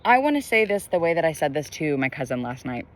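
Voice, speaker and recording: A man's voice: fairly high pitch, big pitch swings, quick pace. A young man giving a casual collective tarot reading to camera, rambling with lots of fillers and spiritual musing. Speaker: tarot reader. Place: indoors, bright sky glowing behind them. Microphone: camera facing the speaker.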